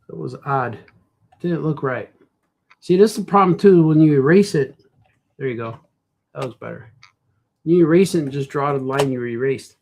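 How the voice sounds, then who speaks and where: Slightly high-voiced man muttering while drawing. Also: moderate pace, vocal fry, long pauses, a little mellow. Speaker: cartoonist and comic shop host. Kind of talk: casual drawing vlog, thinking aloud.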